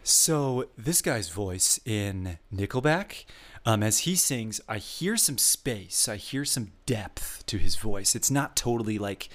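A man's voice: medium pitch, very animated, measured pace. A man co-hosting a casual podcast, patiently explaining vocal technique and demonstrating. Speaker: co-host giving a voice lesson.

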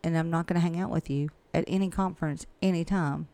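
Frank, chatty woman with a gravelly voice. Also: deep voice, steady tone, fast, mellow, no room sound. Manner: chatty and frank, with laughs and asides. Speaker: real estate agent and coach. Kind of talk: casual conversational interview.

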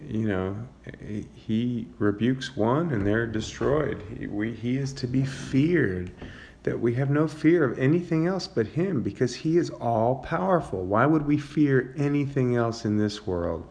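A man leading an informal Bible study, reading psalms aloud and explaining them in a relaxed, searching way. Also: mid-range voice, unhurried, vocal fry. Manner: reads psalm passages aloud, then comments in a relaxed, searching way with fillers. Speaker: Bible teacher.

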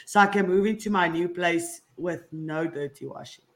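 A laid-back male co-host chats casually and drops short, dry quips. His voice is high for a man and bright and sharp. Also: normal speed. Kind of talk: casual chat.

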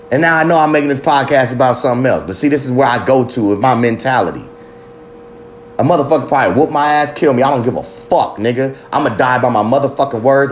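A man's voice: mid-range voice, a little hiss or hum. A man hosting a podcast, delivering a heated, profane, preachy monologue and firing pointed questions at his listeners. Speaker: podcast host.

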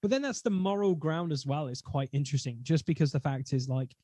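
Excitable man, dry close sound. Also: on the high side, dry recording. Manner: excitable, laughing, fast bursts. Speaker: podcast co-host, tabletop player. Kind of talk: casual podcast chat.

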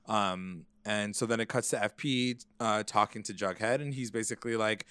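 A man at a middle pitch, talking in a relaxed and rambling way as he recaps an episode. His voice is smooth and clear. The sound is dry and close, with no room echo. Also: normal speed, hardly any pauses. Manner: rambling, filler-heavy storytelling. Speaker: podcast co-host.

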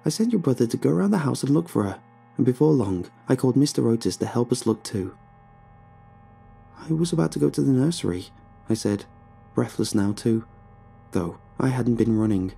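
A man narrating a scripted horror story with a very dark, mellow tone and plenty of gravelly fry, his delivery tense and dramatic with breathless rises. His voice has a husky edge, and faint music plays quietly behind him. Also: mid-range voice, lively intonation, a little fast.

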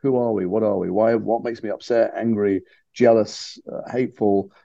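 Gravelly, candid storytelling man. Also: on the low side, steady tone, moderate pace, warm tone, no echo, lo-fi sound. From Liverpool, England. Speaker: guest actor. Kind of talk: casual interview chat.

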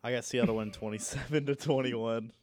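A man making brief, quick remarks in a casual sports chat. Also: medium pitch, fairly even intonation, darkish tone.

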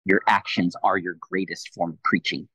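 A man in his thirties sharing a personal faith testimony in a quick, animated way, acting out both sides of a conversation. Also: deep voice, husky, no echo, rough recording. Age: 30s. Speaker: Christian leader, podcast guest.

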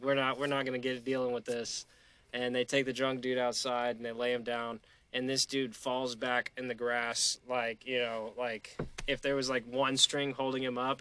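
Male podcast host, casual storyteller, bright edge, profane and animated. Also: medium pitch, smooth, dry recording. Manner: profane, animated storyteller who acts out quotes.

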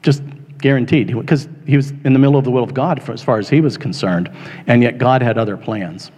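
A male pastor giving a sermon in a conversational, halting way with many fillers, rising now and then to an impassioned retelling. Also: mid-range voice, darkish tone. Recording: long reverb of a large hall.

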